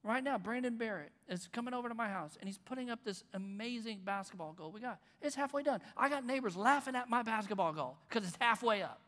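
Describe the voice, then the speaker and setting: A pastor preaching a conversational sermon, with bursts of loud emphasis. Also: male voice, very high voice, animated, quick pace, hardly any pauses. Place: church auditorium. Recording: long reverb in a large hall.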